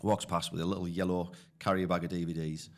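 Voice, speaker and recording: A man's voice: deep voice, flat delivery, fast. A man with a northeast English accent, telling stories casually as a podcast guest, chatty and full of restarts. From northeast England. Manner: chatty, tells anecdotes with lots of "mate" and restarts. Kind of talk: casual storytelling.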